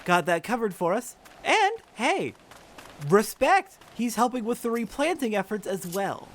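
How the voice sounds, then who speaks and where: A man's voice: high-pitched, a little fast, slight background noise. A man hosting a let's play, giving casual gameplay commentary with wry, joking asides. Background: faint game music.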